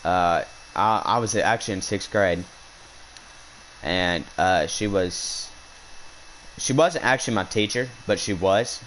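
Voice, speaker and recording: Young guy out hunting, rambly ranty storytelling, kinda low voice. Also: slow, long pauses, fairly bright tone, slight background noise, poor audio. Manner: rambling, indignant, restarts a lot. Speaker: hunting vlogger. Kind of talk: casual storytelling. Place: outdoors while hunting.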